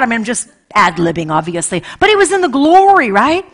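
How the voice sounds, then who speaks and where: Impassioned woman preacher, high voice. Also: sing-song, brisk, hardly any pauses. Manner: impassioned, repeats phrases, swings between loud and hushed. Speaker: pastor. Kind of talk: sermon.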